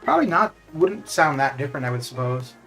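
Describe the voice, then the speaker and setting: A man's voice: medium pitch, lively intonation, brisk, a bit bright, soft background music. A man chatting casually while streaming a game, rambling with lots of fillers and restarts. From Canada. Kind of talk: casual chat while gaming live.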